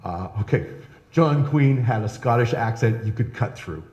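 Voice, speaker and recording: A man's voice: mid-range voice, lively intonation, moderate pace, a little mellow. A male historian giving a live lecture, chatty and conversational, often checking in with "right?". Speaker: historian giving a public talk. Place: historical society lecture room. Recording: echoey hall, long reverb.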